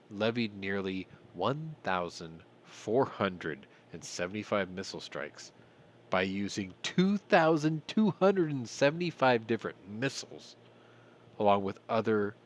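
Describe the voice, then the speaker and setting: A man hosts a casual news rundown in a low voice that swings up and down with plenty of animation. He rants, swears and throws in irreverent asides. A faint hiss of noise sits under the recording. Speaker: podcast host.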